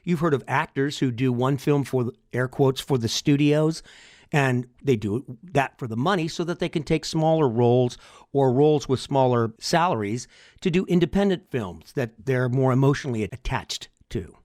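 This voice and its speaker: A man's voice: mid-range voice, moderate pace, darkish tone, no echo, studio quality. Wry, rambling older man. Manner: chatty, wry, rambling asides. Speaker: podcast host. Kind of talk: solo podcast monologue.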